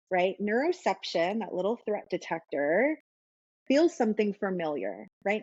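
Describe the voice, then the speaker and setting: A woman's voice: medium pitch, darkish tone, dry recording, highs cut off. A woman guest explaining trauma and the nervous system in a patient, conversational way, often checking in with "right?". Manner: explains patiently, with frequent "right?" tag questions.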